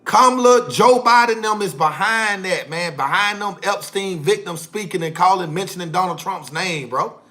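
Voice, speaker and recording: Heated high-voiced man ranting on a livestream. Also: normal speed, hardly any pauses, pushed and bright. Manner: heated, repetitive, slangy, loose grammar. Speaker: livestream host. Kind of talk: casual livestream rant.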